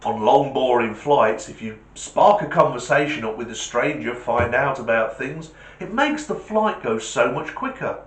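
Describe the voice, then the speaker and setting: A man's voice: mid-range voice, lively intonation, normal speed, hardly any pauses, close to an everyday voice. A man voicing an eager, chatty stranger on a plane. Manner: eager, conversational. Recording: echoey room.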